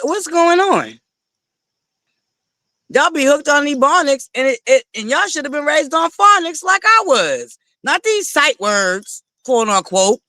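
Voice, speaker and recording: Livestream host, male, very high and bright, sassy and profane, animated casual commentary. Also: no room sound. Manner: animated, sassy, swearing often, given to laughing and digressing. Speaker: livestream host reviewing reality TV.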